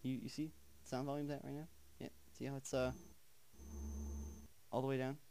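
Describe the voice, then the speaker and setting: A young man plays a horror game, talking to himself in nervous mutters and repeated chants, swearing often. His voice sits at an ordinary middle pitch, and he breaks into loud yelps when startled. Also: little pitch movement, normal speed, slight background noise. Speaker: gaming channel host.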